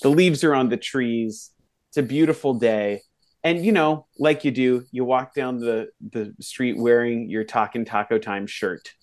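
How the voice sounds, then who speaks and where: Podcast co-host, male, chatty storyteller, mid-pitch, acts out voices in his stories. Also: measured pace. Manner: animated anecdote teller, voices the people in his story. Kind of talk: casual chat, storytelling.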